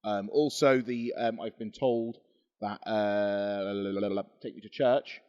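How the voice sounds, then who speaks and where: A man's voice: lowish voice, steady tone, unhurried, a little mellow, long reverb tail, lo-fi sound. A young man co-hosting a podcast, joking around and plugging upcoming shows. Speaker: podcast co-host. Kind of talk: casual banter.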